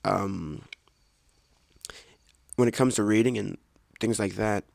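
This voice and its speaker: Low gravelly man rambling casually. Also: takes it slowly, darkish tone, dry recording. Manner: chatty, self-correcting, jokey asides. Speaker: podcast host. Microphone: close desk microphone.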